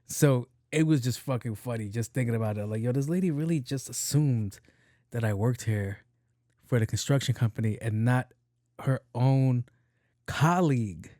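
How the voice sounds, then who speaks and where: Man, podcast host, casual comedic storytelling, profane, animated, mid-pitched voice, dry close sound. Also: moderate pace, dry recording. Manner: profane, animated storyteller who acts out dialogue.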